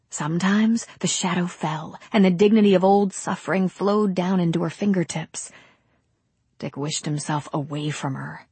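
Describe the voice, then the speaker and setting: A woman narrating a novel in a measured, unhurried read. Her voice sits low and slightly husky. The recording is dry and close, with no room sound. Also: dark tone, no room sound. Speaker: audiobook narrator. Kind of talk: scripted narration.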